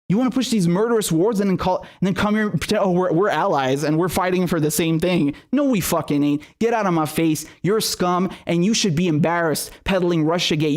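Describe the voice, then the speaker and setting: A man with a fairly high voice hosts a political livestream. He reads viewer messages, then turns to furious, profane, repetitive ranting. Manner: profane, angry, repeats himself. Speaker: political commentary host. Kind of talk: livestream reading super chats, ranting.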